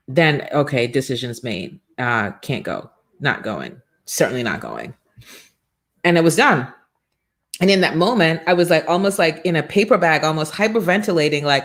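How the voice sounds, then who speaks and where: A middle-aged woman hosts a morning livestream show, delivering an energetic, preachy motivational talk and acting out little quoted exchanges. She has a deep voice and speaks at a normal speed.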